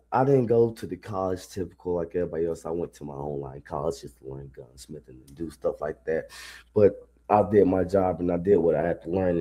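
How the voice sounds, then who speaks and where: Husky low-voiced man ranting casually. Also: dark tone. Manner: loose, profane, rambling talk. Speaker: streamer reacting to a video. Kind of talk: casual live reaction commentary.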